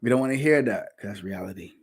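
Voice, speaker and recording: A man's voice: lowish voice, fast, husky. A man giving an informal scripture teaching in a streetwise, conversational preaching manner. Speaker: religious teacher.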